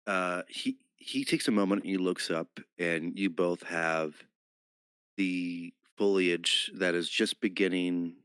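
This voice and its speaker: Deep-voiced guy running a tabletop game, measured descriptive narration, dry mic. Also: a bit bright, clear, resonant tone, no room sound. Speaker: game master.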